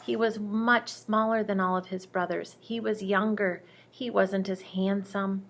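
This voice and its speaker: Woman telling bedtime bible stories to a child, slow and gravelly, gentle. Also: medium pitch, level tone, a little hiss or hum. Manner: gentle, speaks directly to a child. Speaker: storyteller reading to a child.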